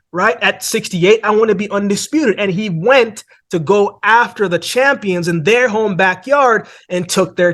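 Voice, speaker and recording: Male host with a higher voice, relaxed boxing commentary, chatty with frequent asides. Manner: conversational, says "man" and "right?" often. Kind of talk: casual boxing breakdown.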